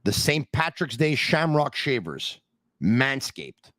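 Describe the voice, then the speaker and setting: A man's voice: medium pitch, sing-song, slow, a bit bright, dry recording. Upbeat man hosting a hockey podcast. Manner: emphatic, upbeat, talks to listeners directly. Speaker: podcast host. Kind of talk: energetic podcast hosting and ad reads.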